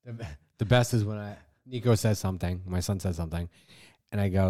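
A man's voice: on the low side, steady tone, moderate pace, long pauses, mellow. A man co-hosting a parenting podcast in casual chat, blunt and swearing, acting out exasperated lines to his kids. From Italian-American household. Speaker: podcast co-host.

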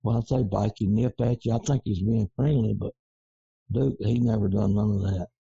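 Gravelly, husky man. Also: on the low side, steady tone, warm tone, no room sound, dull audio. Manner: slow, rambling, folksy Southern dialect grammar. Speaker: coonhound breeder being interviewed. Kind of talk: casual interview.

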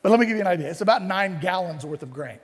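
A man's voice: sits high, lively intonation, very fast. A male pastor preaching a sermon, telling the story in a conversational, playful way with asides, in a church sanctuary. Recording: long hall reverb.

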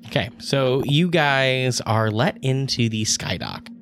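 A man narrating as dungeon master in a relaxed, rambling way with fillers. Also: mid-range voice, slow, faint music behind. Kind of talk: narrating a tabletop game.

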